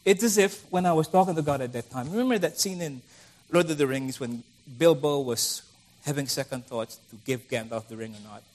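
A man's voice: medium pitch, fairly quick, hardly any pauses, a little mellow. A middle-aged man preaching a conversational sermon, acting out the voices of the people he quotes.

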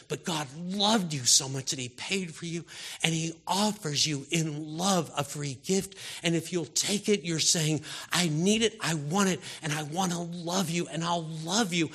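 A man preaching a sermon with passion, moving from hushed, soft lines to loud, urgent calls to his listeners. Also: fairly high pitch, unhurried, husky. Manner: impassioned, swings from hushed to loud exhortation.

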